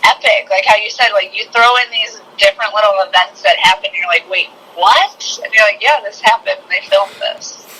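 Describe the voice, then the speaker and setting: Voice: mid-range voice, sharp tone, low-quality recording. A podcast co-host chatting casually, with a lot of "like" in their speech. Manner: chatty, many fillers. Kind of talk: casual chat about movies.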